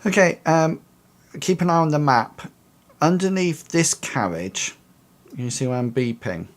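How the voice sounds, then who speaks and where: Halting man running a tabletop game. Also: fairly high pitch, expressive. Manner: hesitant, many fillers and restarts. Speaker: game master.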